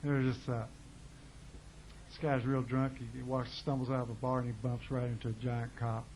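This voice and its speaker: A male singer-songwriter making casual, soft-spoken, low-key banter on stage between songs, rambling through a joke. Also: flat delivery, normal speed, slight background noise. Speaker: singer-songwriter performing live. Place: live music venue. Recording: dull lo-fi live bootleg with guitar.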